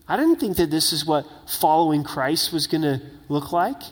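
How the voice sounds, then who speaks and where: A man's voice: a little high, expressive, moderate pace, in a large hall. A middle-aged man preaching a sermon as pastor, talking in an earnest, conversational way with frequent tag questions.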